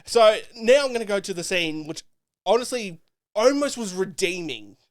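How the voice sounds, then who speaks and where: Profane rambling man, slightly high voice. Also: expressive, normal speed, no echo, studio quality. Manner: profane, rambling retelling with filler words. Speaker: podcast co-host. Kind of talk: casual chat.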